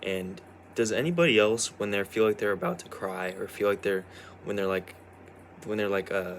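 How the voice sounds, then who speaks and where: A young man with a fairly low voice talks to camera in a loose, halting vlog ramble. He is worn out from a sleepless night and keeps circling back with fillers and false starts. A faint hiss runs under the recording. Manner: hesitant, full of restarts and "like". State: tired after staying up all night. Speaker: vlogger.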